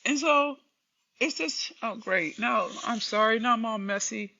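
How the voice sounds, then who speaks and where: A livestream host talks candidly and unscripted to her viewers, rambling and emotionally raw. Her voice is a little high and sharp, unhurried, and the sound is lo-fi.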